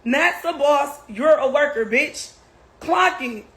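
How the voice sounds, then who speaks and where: A woman's voice: high-pitched, lively intonation, takes it slowly, a bit bright, low-quality recording. A woman in angrily insulting someone, dismissive and profane. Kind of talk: heated clapback rant.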